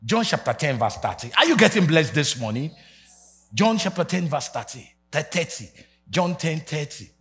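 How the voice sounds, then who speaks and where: A Nigerian man in his forties preaching a sermon, swinging from shouted rallying calls to low quiet asides. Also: big pitch swings, moderate pace, soft background music. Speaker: pastor. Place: church hall with congregation.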